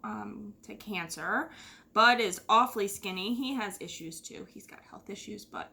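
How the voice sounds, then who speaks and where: A woman's voice: medium pitch, unhurried, sharp tone. A middle-aged woman from the United States hosting her knitting podcast in a rambling, casual chat full of fillers and sighs. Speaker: podcast host.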